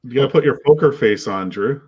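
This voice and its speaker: A man's voice: mid-range voice, a little fast, breathy edge, dull audio. A man hosting a casual panel chat, talkative and asking his guests questions over a video call. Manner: chatty, asks guests questions.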